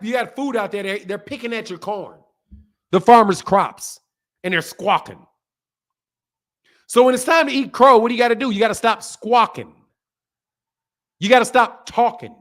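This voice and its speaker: A man hosting a boxing channel stream, giving heated, mocking commentary with drawn-out emphasis. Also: very high-pitched, fairly bright tone.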